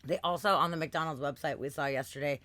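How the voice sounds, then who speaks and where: Young woman, low-pitched, chatty storyteller, dry close-mic sound. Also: quick pace, sharp tone, no room sound. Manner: chatty, swearing, laughing storyteller. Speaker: stream co-host. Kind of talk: casual chat.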